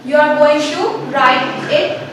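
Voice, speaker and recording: Slow, high-voiced woman teacher, echoey. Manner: slow, explaining step by step, repeating key words. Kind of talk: recorded classroom lesson. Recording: echoey room, voice from far off, faint hiss.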